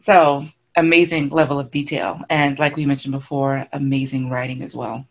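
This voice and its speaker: A woman's voice: rumbling low, flat delivery. A woman hosting a podcast, chatting in an enthusiastic, casual way. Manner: enthusiastic, chatty, quick to laugh. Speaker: podcast host.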